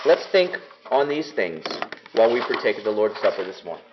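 A man's voice: on the low side, very animated, fairly quick, background noise. A man preaching a sermon as pastor, earnest and enthusiastic in a conversational way. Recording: dull lo-fi recording.

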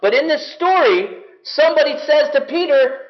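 A man preaching a sermon to a congregation, earnest and measured, slowing down to stress key words. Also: very high voice, expressive, lo-fi sound. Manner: earnest, measured with slowed emphasis.

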